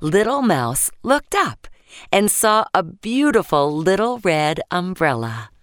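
A woman narrating a children's bedtime story gently and expressively, voicing the sound effects. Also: on the low side, big pitch swings, takes it slowly, dry recording, studio quality.

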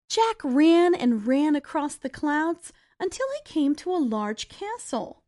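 A woman narrating a children's storybook in a deliberate, expressive way. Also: high-pitched.

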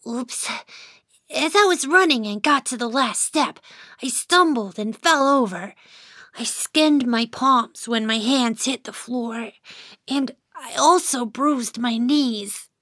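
A sulky little boy mouse tells his storybook tale in a high, bright, sing-song voice. He speaks slowly and clearly, close and dry, grumbling and sighing between giddy bursts. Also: expressive, no room sound, exaggerated voice. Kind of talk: first-person storybook narration.

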